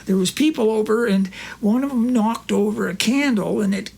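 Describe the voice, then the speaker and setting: A gravelly old rancher, put on by a man, drawling and circling around the bad news. He stumbles over his words, repeats himself, and talks a notch higher than the storyteller's own voice. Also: normal speed, darkish tone. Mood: rambling.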